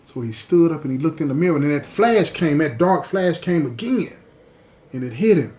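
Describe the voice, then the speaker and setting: Male podcast host, a touch high in pitch, tells a story with animated, chatty delivery. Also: brisk. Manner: animated, conversational retelling, addresses listeners directly.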